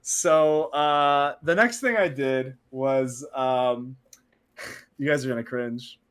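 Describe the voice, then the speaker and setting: A man casually telling a story on a stream, animated and laughing as he acts out what people said. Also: medium pitch, slow, clear, resonant tone.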